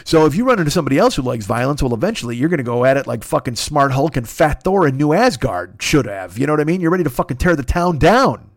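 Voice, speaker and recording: A man in his fifties telling a rambling story in a casual, profane and excitable way. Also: fairly high pitch, fast talker, hardly any pauses, no room sound, clean studio sound. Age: 50s.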